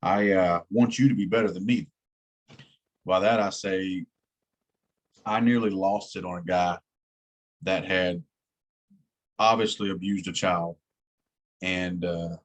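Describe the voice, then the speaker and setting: A man's voice: low-pitched, takes it slowly, long pauses. A man teaching an EMT class in a plain-spoken way, repeating key words for emphasis. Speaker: EMT instructor. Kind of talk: classroom lecture.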